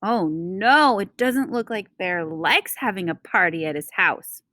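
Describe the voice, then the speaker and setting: A woman reading a picture book aloud to children, slow and expressive, pausing to explain words. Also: medium pitch, dry recording, studio quality.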